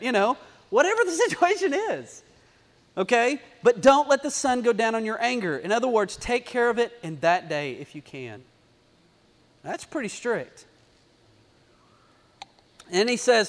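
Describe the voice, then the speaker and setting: Guy preaching in church, real high voice, repeats stuff and gets loud, big echoey hall. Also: normal speed, long pauses. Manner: animated, repetitive, builds to emphatic bursts. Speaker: pastor. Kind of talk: sermon. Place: church sanctuary. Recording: long hall reverb.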